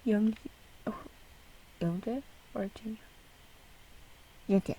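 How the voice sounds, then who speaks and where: A woman's voice: medium pitch, slow pace, distant mic, very noisy. A young woman casually reacting to a music video, chatty and giggly, rambling with lots of fillers.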